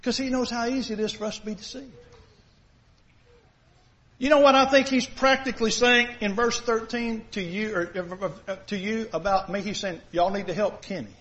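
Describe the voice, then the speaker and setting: A man's voice: very high-pitched, fairly even intonation, normal speed, pushed and bright. A male pastor giving a sermon, preaching in a conversational way and asking the congregation many rhetorical questions. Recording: dull lo-fi recording.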